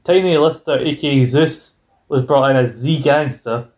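A man co-hosting a podcast, rambling through wrestling history in casual chat with quick asides and casual swearing. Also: mid-range voice, a little mellow. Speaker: podcast co-host.

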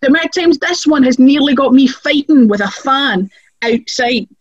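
Woman, high and very animated storyteller, slightly muffled dry recording. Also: moderate pace, no echo. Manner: lively, acts out quotes with big pitch jumps. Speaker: wrestler guest.

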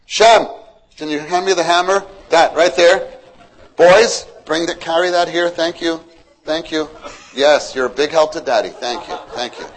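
A man's voice: on the high side, little pitch movement, a little slow, voice pushed up, lightly acted, poor audio. Preacher acting as Noah, a cheerful busy father. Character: Noah, a busy father directing his young sons.

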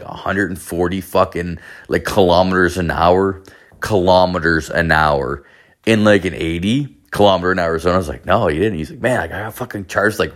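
A young man with a low voice tells a long, swear-filled story in a loose, rambling way. He keeps saying "like" and acts out what his friends said, all in a casual monologue. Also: fairly bright tone. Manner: profane, rambling, heavy filler words. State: hungover.

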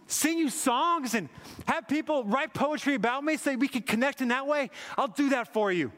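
A man's voice: very high-pitched, fairly bright tone, pitched above the performer's own voice. A man voicing God as a loving, eager giver, asking again and again what people want.

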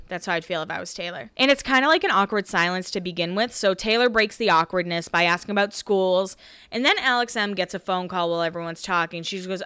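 A young woman talks into a close mic for her solo podcast, gossipy and chatty, tossing in swear words and little acted-out quotes. Her voice is bright and crisp, with a dry, close sound and no room around it. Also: lowish voice, quick pace, dry recording. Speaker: podcast host recapping a reality show. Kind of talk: casual solo podcast recap.

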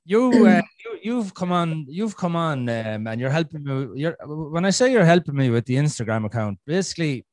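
A man's voice: on the high side, big pitch swings, normal speed, few pauses, a little mellow, no echo, clean studio sound. An Irish man hosting a podcast in casual chat, rambling with frequent restarts and swearing. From Ireland. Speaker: podcast host.

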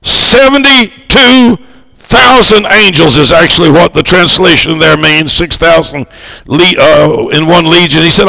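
A missionary preacher from the United States delivers a fervent sermon. He swells to shouts and draws out key words. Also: on the high side, unhurried, creaky, rough recording.

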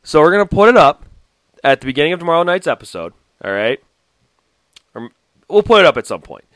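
A man co-hosting a casual podcast chat, laughing often and trailing off quietly. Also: fairly high pitch, big pitch swings, fast, no room sound. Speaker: podcast co-host.

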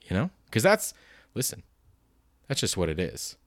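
Host type, late 20s man, lowish voice, loose profane rambling delivery, dry close sound. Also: huge pitch swings, moderate pace, no echo. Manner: rambling, profane, self-deprecating. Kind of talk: casual solo monologue.

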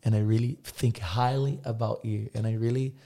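Gravelly, warm-toned effusive man. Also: on the low side, fairly even intonation. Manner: effusive, encouraging, talks in rapid lists. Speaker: podcast guest, business owner. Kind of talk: casual podcast conversation.

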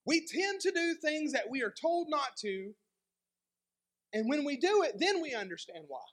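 A male pastor giving a sermon, telling a personal story in a conversational, animated way. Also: very high-pitched, moderate pace. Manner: conversational storytelling with lively dynamic swings.

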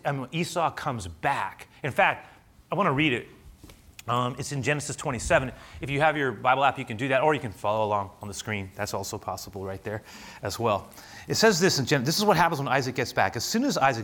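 A male pastor preaching a sermon, telling a scripture story with lively, acted-out energy. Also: mid-range voice, fast talker. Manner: animated storyteller, acting out the scripture.

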